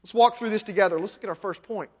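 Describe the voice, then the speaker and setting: A man with a notably high voice delivers a sermon as a pastor, speaking conversationally and asking his listeners question after question. His voice rings out with a long reverb, as if in a large church sanctuary. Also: quick pace, husky. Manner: conversational preaching with rhetorical questions.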